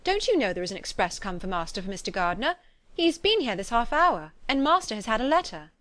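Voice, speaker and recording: A woman's voice: a little high, animated, fast talker, a bit bright, dry recording. Female reader as deferential housekeeper, polite and apologetic. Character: deferential middle-aged housekeeper.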